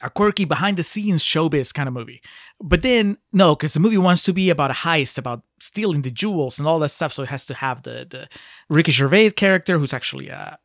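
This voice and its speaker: A man's voice: fairly high pitch, animated, a little fast, a bit bright, dry recording, clean studio sound. A man co-hosting a casual movie podcast, critical and chatty, often laughing as he talks. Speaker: podcast co-host.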